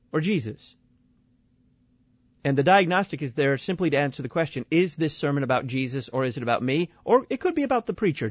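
A Texan man hosts a talk show where he critiques sermons, speaking bluntly and wryly and often repeating words as he launches into a point. His voice sits fairly high, and the recording is dry and muffled.

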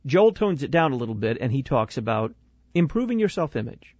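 A male host giving measured, critical commentary on a sermon. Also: medium pitch, sing-song, a little mellow, dry recording, dull audio. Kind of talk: analytical commentary.

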